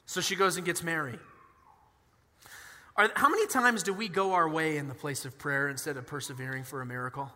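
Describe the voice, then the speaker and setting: A man preaching a sermon in a church, passionate, swinging between quiet asides and loud emphatic lines and slowing down to stress key phrases. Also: fairly high pitch. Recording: long hall reverb with music behind.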